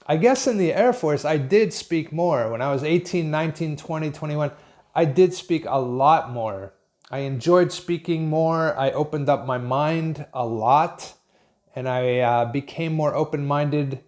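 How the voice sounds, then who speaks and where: Slow, thoughtful American man teaching. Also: a little high, a little mellow. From Pennsylvania, USA. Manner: reflective, thinks aloud with restarts. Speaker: English teacher. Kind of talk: unscripted lesson monologue.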